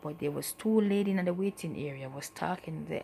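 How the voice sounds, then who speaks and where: A woman giving a personal testimony as a mother, in a soft, halting, emotional way that often trails off. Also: sits low, gravelly, slightly rough. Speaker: mother telling her story.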